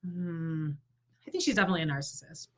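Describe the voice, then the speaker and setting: A woman's voice: fairly low pitch, fast talker. A woman co-hosting a casual gossip podcast, swearing often and acting out what others said. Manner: animated, swearing, acts out quotes. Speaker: podcast co-host.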